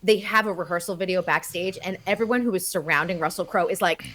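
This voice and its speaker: A woman with a fairly low voice for a woman chats through entertainment news on a talk show. she keeps it upbeat and casual while she recommends shows. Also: fast talker, a bit bright.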